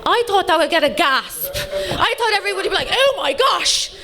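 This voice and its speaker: High-voiced Irish woman doing stand-up. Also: fast talker. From Ireland. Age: late 30s. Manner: bawdy, deadpan punchlines, teasing the crowd. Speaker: stand-up comedian. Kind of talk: stand-up comedy set. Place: comedy club stage before a live audience.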